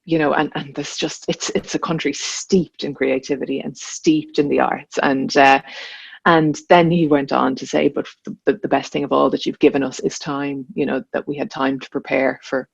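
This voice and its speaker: A woman's voice: deep voice, little pitch movement, moderate pace, gravelly, breathy edge, no room sound. An Irish woman, an actor, talking as a podcast guest, reflective and searching for her words. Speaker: guest, actor and voiceover artist. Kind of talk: casual interview chat.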